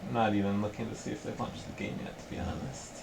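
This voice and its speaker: A man with a low, gravelly voice chats loosely on a home livestream. His talk is relaxed and rambling, picked up by a camera mic with a noisy room behind him. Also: fast talker. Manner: relaxed, rambling, chuckling asides. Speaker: stream caster. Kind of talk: casual livestream chat. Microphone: computer camera mic.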